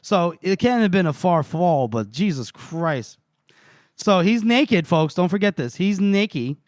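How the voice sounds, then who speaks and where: A man on a book podcast walks his co-hosts through the chapters, slipping into the characters' lines as he goes. His voice sits a little high for a man and is recorded close and dry, with no room around it. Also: unhurried, dry recording. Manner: animated retelling, reading out and voicing quotes. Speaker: podcast co-host. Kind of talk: casual book-recap chat.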